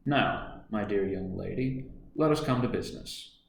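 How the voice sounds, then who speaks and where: Guy reading a smooth scheming businessman, coaxing and slick, echoey room. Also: fairly low pitch, animated, moderate pace, slight background noise. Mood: smooth persuasive. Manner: suave, coaxing, then menacing.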